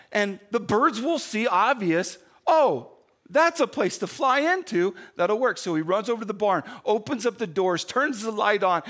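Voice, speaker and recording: A male pastor with a voice that sits high tells a story during a sermon, alternating between loud bursts and hushed, slowed-down stretches.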